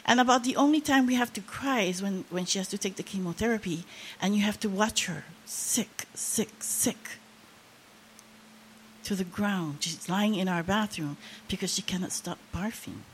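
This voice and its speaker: A woman's voice: mid-range voice, normal speed. Older woman preacher, impassioned testimony, rising emphasis, faint noise behind. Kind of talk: sermon.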